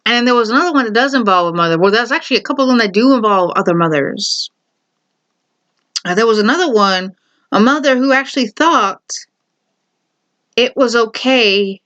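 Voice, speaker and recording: A young woman giving her opinion in casual vlog chat, animated and often exclaiming. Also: fairly high pitch. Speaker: vlogger. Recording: dull lo-fi recording.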